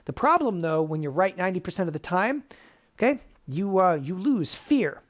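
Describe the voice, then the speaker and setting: A middle-aged options trading instructor teaching a live webinar, energetic and firing rhetorical questions at the audience. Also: medium pitch, fast. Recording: dull lo-fi webinar audio.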